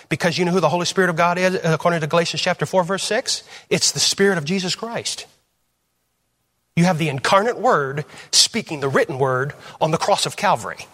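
A man preaching a teaching sermon in a church, firing off rhetorical questions, rising to loud emphasis and dropping to low asides.

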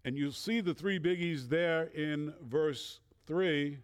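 A man with a northern accent preaching a sermon as a substitute pastor in a church, earnest and measured, with the odd filler. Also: fairly high pitch, clean tone.

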